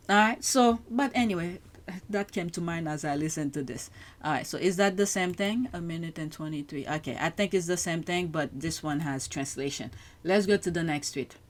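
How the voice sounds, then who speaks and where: Outspoken woman host reacting to clips. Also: lowish voice. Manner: outspoken, exclaims in disbelief. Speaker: show host.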